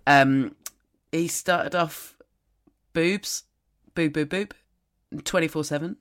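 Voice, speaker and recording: A woman's voice: low-pitched, slow. Wry woman in casual chat. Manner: wry, deadpan storytelling. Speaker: podcast co-host.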